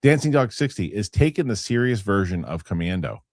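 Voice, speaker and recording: A man's voice: lowish voice, sing-song, brisk, a little mellow, no echo, studio quality. A middle-aged man hosting a casual live show, rambling through viewer comments and swearing freely. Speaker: host.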